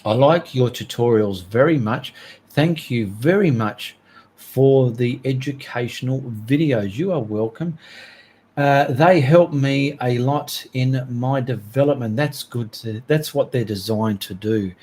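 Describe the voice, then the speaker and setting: An Australian man hosting a relaxed art livestream. He chats cheerfully with his viewers, reading their names and comments aloud and drawing out his thanks. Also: medium pitch, unhurried.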